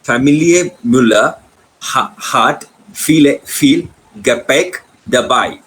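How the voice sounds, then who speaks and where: Slow, halting student reader. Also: male voice, mid-range voice, fairly bright tone, poor audio. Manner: slow, halting, effortful reading. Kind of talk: reading aloud in a lesson.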